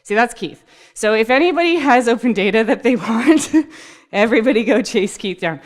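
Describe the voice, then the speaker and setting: A woman's voice: fairly high pitch, lively intonation, fairly quick. Chatty woman giving a talk. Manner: chatty and upbeat, laughs easily, talks to the audience. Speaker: speaker at a tech community talk. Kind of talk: conversational presentation. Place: event room before a live audience.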